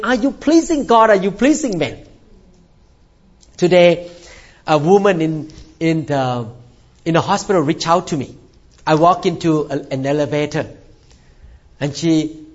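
Man, sermon, high voice, earnest, repeats words, dull lo-fi sound. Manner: earnest, repeats words, calls out "Amen?" to the congregation. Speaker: preacher. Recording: dull lo-fi recording.

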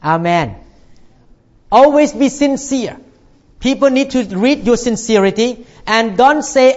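A man's voice: very high voice, a little slow, a little mellow, lo-fi sound. A male pastor delivering a sermon in slightly non-native English phrasing, emphatic and punctuating his points with "Amen".

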